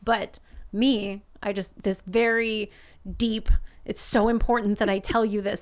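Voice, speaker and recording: A woman's voice: fairly high pitch, steady tone, normal speed. A young woman co-hosting a podcast, telling self-mocking stories in casual chat. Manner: self-mocking storyteller, jokey. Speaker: podcast co-host.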